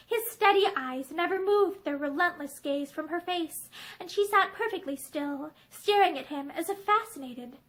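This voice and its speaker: A young woman reading a novel aloud, with expressive, animated storytelling. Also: extremely high pitch, moderate pace, hardly any pauses, low-quality recording. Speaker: reader. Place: indoor room with bookshelves.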